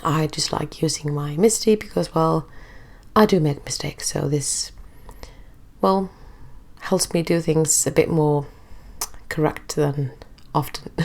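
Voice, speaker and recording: Stuffy woman with a gravelly voice. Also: sits low, a little mellow. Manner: chatty and easygoing, with filler pauses. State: stuffy, recovering from illness. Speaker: craft tutorial host. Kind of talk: voice-over craft tutorial narration.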